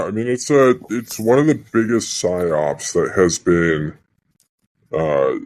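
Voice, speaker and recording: Deep-ish guy on a podcast, opinionated, says you know a lot. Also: darkish tone. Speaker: podcast co-host. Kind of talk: casual podcast chat.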